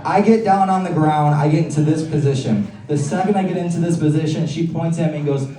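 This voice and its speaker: A brash man works the crowd in a stand-up set, crude and teasing, his voice a touch high for a man. He sounds roomy and set back from the mic in a live comedy club, with audience laughter audible behind him. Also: quick pace, mellow, recorded from a distance.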